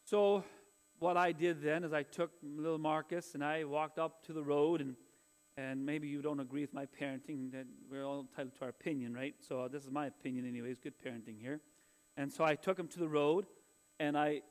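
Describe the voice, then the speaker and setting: A pastor in his forties delivers a sermon, speaking in a noticeably high voice. His manner is earnest and conversational, and he weaves personal stories in among his exhortations. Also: fairly even intonation, a little fast.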